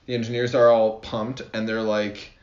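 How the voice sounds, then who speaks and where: With a low-leaning, darkish voice that barely changes pitch, this podcast co-host talks at a normal pace. He breaks into frequent laughter while casually explaining history. The audio is lo-fi, roomy and dull.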